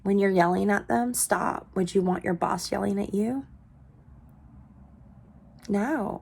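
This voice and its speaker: Speaking to camera at medium pitch, this parenting vlogger in her thirties delivers an earnest pep talk about parenting. She poses direct questions to her viewers and drops into soft, breathy asides.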